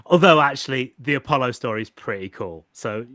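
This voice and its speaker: A man's voice: mid-range voice, lively intonation, brisk, sharp tone, no echo, clean studio sound. A man hosting a casual chat, laughing often and asking loose, rambling questions.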